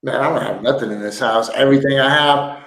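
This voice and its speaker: Speaking briskly in a medium-pitched, slightly bright voice, a man runs a laid-back livestream from a bare room at home. Amid the echo, he jokes, tells meandering stories, and laughs a lot.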